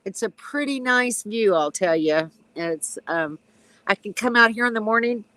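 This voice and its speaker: A woman in her sixties, a retired nurse, chatting casually on a live stream from her backyard, with a stuffy, runny nose, clearing her throat and chuckling. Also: medium pitch, expressive, a little slow, a bit bright, no room sound, low-quality recording. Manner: chatty, reads out comments, frequent ums and chuckles.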